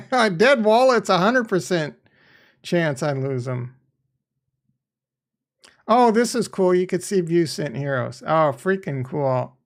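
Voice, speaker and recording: A man livestreaming a crypto game and chatting to viewers, excitable and rambling, laughing often and swearing casually. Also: high-pitched, takes it slowly, long pauses. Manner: rambling, thinks aloud. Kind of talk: live stream commentary.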